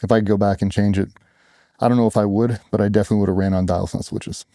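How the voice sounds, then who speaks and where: A middle-aged man from the United States speaks bluntly and earnestly as an interview guest. His voice is low and very dark and mellow, recorded close and dry with no room sound. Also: fairly even intonation, very fast, no room sound. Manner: earnest, blunt, quotes others in raised voices. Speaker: interview guest, former special operations operator. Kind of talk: candid conversational storytelling.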